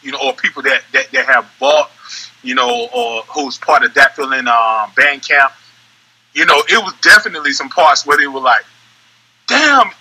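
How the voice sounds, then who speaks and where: Man, young adult, casual podcast chat, repeats himself, very bright tone, husky. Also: fairly high pitch, moderate pace, rough recording. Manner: animated, rambling, repeats words, breaks into laughs. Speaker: podcast co-host.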